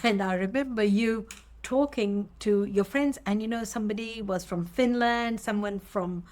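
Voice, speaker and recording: A middle-aged woman, a mother living in Australia, telling stories in animated casual chat as a podcast co-host. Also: mid-range voice, normal speed.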